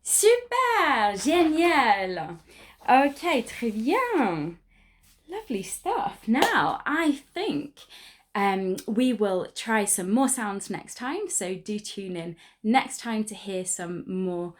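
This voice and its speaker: A woman, a French teacher giving a pronunciation lesson, modelling words slowly and clearly and praising her pupils. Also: mid-range voice, big pitch swings. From England.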